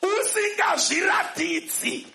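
Male interpreter, high forceful shouted delivery, slight rasp, echoey church hall. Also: takes it slowly. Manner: shouting, emphatic.

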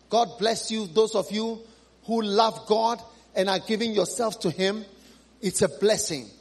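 A man preaching an impassioned sermon, moving from loud, high cries to low, hushed appeals, repeating phrases and pleading with the congregation. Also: measured pace, vocal fry, husky.

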